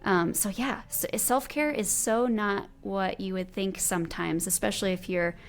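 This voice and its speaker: Creaky-voiced woman podcast host. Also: mid-range voice, moderate pace, faint music behind. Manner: animated, quotes her kids and herself aloud. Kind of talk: casual conversational interview.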